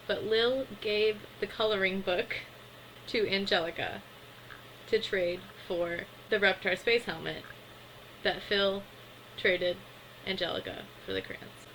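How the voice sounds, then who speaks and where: A woman's voice: mid-range voice, bright, forceful tone, slight background noise, poor audio. A woman casually recapping a cartoon episode in a chatty way, with lots of filler words. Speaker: cartoon reviewer.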